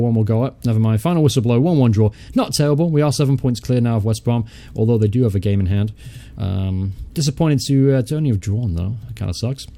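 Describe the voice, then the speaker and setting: A man's voice: fairly low pitch, warm tone. A young man hosting a casual let's-play, chatty, thinking aloud as he goes, muttering and swearing offhandedly. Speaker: gaming channel host.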